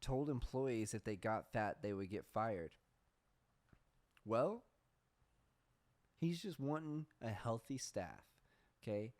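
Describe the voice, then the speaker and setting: A man hosting a podcast, talking in a casual, profane, deadpan sarcastic monologue. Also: mid-range voice, takes it slowly, pauses often. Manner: deadpan sarcastic, profane, says "bro" a lot. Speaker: podcast host.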